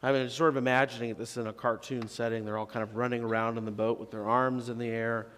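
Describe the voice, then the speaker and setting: A male pastor delivers a sermon in a church sanctuary, and his mid-pitched voice trails off into a long reverb. He talks to the congregation conversationally, lifting his voice on emphatic questions and then dropping to soft, low phrases. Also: little pitch movement, fast talker.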